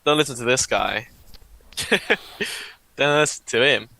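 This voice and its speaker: Gravelly, bright man teasing his co-host. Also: medium pitch, a little slow, rough recording. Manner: teasing, laid-back banter. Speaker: trading stream co-host. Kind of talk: casual live-stream chat.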